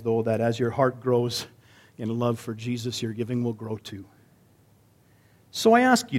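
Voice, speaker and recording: Earnest Canadian pastor preaching. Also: male voice, mid-range voice, darkish tone, slightly rough. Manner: earnest, conversational preaching with rhetorical questions. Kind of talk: sermon.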